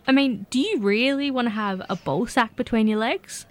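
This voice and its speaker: A woman's voice: a little high, moderate pace, close to an everyday voice. A woman playing a brash, boozy friend. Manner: pushy, flirty, loud. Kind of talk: comedy audio drama.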